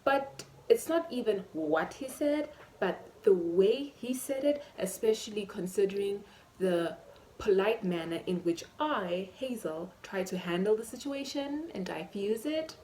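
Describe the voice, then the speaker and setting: A woman, telling a storytime vlog story in an animated, emphatic way and acting out the dialogue. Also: medium pitch, slight background noise. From Namibia. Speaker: vlogger.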